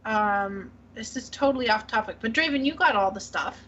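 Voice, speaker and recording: A woman's voice: fairly high pitch, expressive, moderate pace, a bit bright. A woman from Canada, co-hosting a podcast in casual gaming chat, rambling and trailing off as she talks. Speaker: podcast co-host. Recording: slightly muffled, faint hiss.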